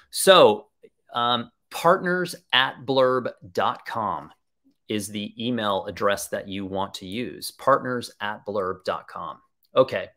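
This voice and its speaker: This man's voice sits on the lower side and has a fairly bright quality. He runs a live webinar in an upbeat, chatty style, working through audience questions out loud as they come in.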